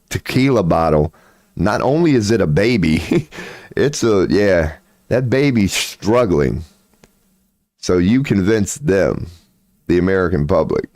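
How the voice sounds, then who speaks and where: Low-voiced male streamer, sarcastic and foul-mouthed, dry close sound. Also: darkish tone, no room sound. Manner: profane, sarcastic, drawling Southern-style slang. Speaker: livestream host. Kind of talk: casual rambling livestream monologue.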